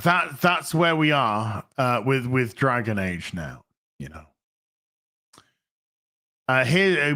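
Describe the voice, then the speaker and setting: A British man hosting a ranting commentary, with a sarcastic, scornful, deadpan delivery. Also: fairly high pitch. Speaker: host.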